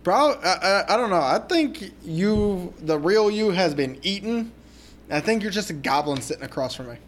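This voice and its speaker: A man's voice: high voice, animated, normal speed. A man co-hosting a podcast, talking about movies casually, joking and swearing freely. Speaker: podcast co-host.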